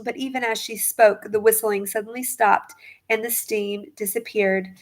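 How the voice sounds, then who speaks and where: A woman narrating a children's storybook aloud in an expressive, lively way. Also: medium pitch, normal speed.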